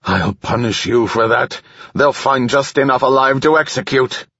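A man reading an audiobook voices a furious, threatening male alien guard, pitched above his own voice and louder. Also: normal speed, husky, dry recording. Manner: threatening, angry. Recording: slightly dull lo-fi recording.

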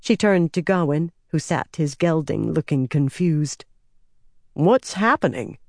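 A man narrating a fantasy audiobook in an even, measured storytelling voice. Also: on the high side, no room sound, studio quality.

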